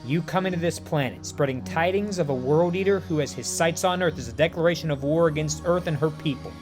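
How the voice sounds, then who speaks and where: Calm, reasoning hero-leader with a high, lively voice, from a male narrator. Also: music in the background, natural voice. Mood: urgent. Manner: measured, reasoning. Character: calm, clever team leader man.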